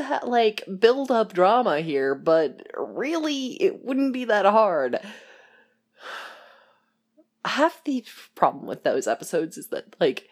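A woman's voice: mid-range voice, very animated, slow pace. A young woman chatting casually about a TV show, rambling and laughing as she acts out lines in little voices.

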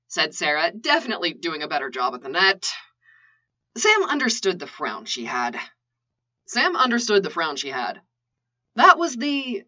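Woman reader, playful storytelling, bright lively voice, dull lo-fi sound. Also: on the low side, measured pace, long pauses. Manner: playful, animated, asides. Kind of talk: storytelling narration. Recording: lo-fi dull recording.

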